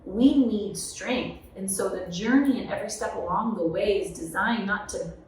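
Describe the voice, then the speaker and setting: Female author, 30s, animated storyteller, roomy echo and distant mic. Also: medium pitch, normal speed, a little hiss or hum. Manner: animated, tag questions like "right?". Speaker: author and guest. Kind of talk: conversational podcast storytelling. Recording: echoey room, mic at a distance.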